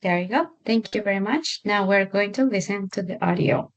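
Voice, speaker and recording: A woman's voice: medium pitch, moderate pace, highs cut off. A young woman whose first language is Spanish, chatting and laughing as she tutors English online. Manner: chatty, laughs often, fillers like "like" and "so". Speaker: English teacher.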